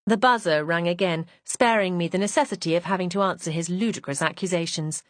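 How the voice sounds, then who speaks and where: A woman's voice: on the low side, brisk, hardly any pauses, dry recording. A woman reading a mystery audiobook in poised, first-person narration.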